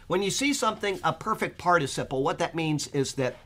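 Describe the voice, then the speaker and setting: A man's voice: a little high, expressive, fairly quick, hardly any pauses, a bit bright. A man teaching an informal Bible study who thinks aloud with fillers and often checks in with his listeners.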